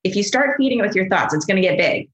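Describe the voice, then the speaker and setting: A middle-aged woman psychologist speaking as a podcast guest, explaining mindfulness in a gentle, enthusiastic way and acting out soothing inner voices. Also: mid-range voice, animated, fast talker, low-quality recording.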